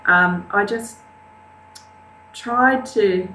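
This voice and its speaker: An older woman recounts a personal story as an interview guest. She speaks haltingly and with emotion, slipping into the voices of the people she quotes. The room around her is echoey, with a faint hum underneath. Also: mid-range voice, bright, forceful tone.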